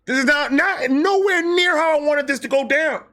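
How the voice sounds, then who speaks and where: A young man telling a casual, comedic story, animated, acting out quotes with slang and swearing. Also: extremely high pitch, normal speed. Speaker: storyteller host.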